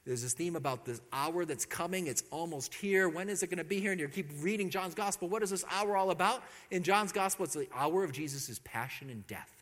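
A man preaching a sermon, animated and joking, peppering his congregation with rhetorical questions. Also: on the high side, brisk, few pauses, long reverb tail.

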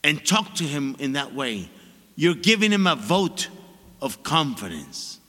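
Man, 60s, priest, sermon, lively swooping pitch, storytelling, emphatic repeats. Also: measured pace. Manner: animated, expressive storyteller with laughs and emphatic repetition. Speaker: Catholic priest. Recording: long reverb of a large hall.

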